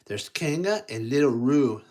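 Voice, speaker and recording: A storytime reader reading a picture book to young children, slow and halting, with stumbles and asides. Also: medium pitch, lively intonation, a little mellow, low-quality recording.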